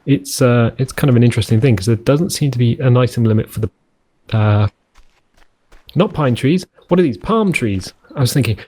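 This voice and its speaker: A man's voice: mid-range voice, brisk, mellow. A man commenting on a survival game as host, rambling and jokey, often correcting himself as he goes. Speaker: let's play host. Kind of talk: gameplay commentary.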